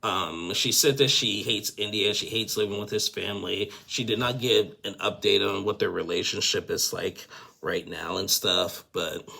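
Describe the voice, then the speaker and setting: Chatty gravelly man recapping reality TV. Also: fairly low pitch, steady tone, moderate pace, sharp tone. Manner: chatty, opinionated, full of fillers. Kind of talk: casual episode recap.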